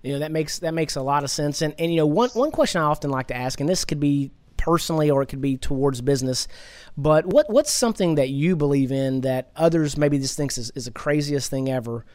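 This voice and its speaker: A man's voice: on the high side, animated, fairly quick, a little mellow, dry recording. Chatty man host, dry close sound. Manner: chatty, agreeable, lots of fillers. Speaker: podcast host. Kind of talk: podcast interview.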